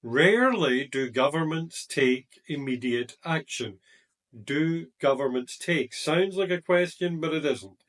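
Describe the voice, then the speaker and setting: A male language teacher walks through grammar points in a slow, deliberate lesson voice, leaning on the key words. His voice sits a little high for a man. The mic is set back a bit, so he sounds slightly distant. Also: animated, a bit bright. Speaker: IELTS teacher. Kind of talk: explaining grammar to the camera.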